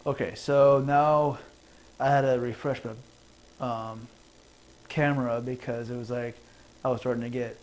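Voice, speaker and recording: A man's voice: fairly even intonation, measured pace, pauses often, low-quality recording. Guy rambling thru his own jokes on stream, laughs at them himself, home setup. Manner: rambling, laughs at own jokes, puts on squeaky voices for callers. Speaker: comedian streamer. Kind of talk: casual stand-up rambling to camera.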